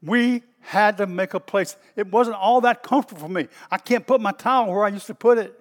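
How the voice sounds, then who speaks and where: A middle-aged man with a Southern US accent, a pastor preaching in a folksy, storytelling way that bursts out loud at times. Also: sits high, brisk, long reverb tail. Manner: folksy and animated, stretches words, bursts out loud. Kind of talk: storytelling sermon.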